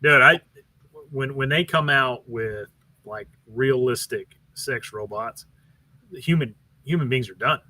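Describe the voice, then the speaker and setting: A man, a panel guest, talking emphatically in casual chat with halting restarts. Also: medium pitch, sharp tone.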